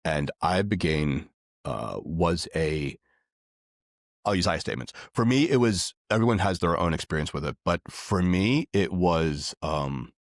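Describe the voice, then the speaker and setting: Deep-voiced man talking casually. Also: expressive, unhurried, dry recording, studio quality. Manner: rambling, filler-heavy, earnest. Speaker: podcast guest. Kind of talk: casual conversation.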